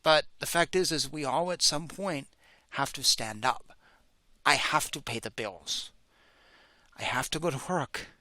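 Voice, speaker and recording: Middle-aged male host, bright and forward, rambling candid commentary, dry close mic. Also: fairly high pitch, unhurried, no echo. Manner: candid, rambling, with frequent restarts and fillers. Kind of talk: casual reaction commentary.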